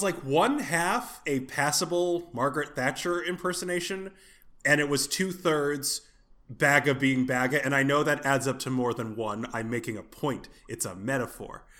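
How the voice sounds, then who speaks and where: A man with a slightly high, fairly bright voice co-hosts a podcast. He rambles casually, restarting sentences and swearing offhandedly.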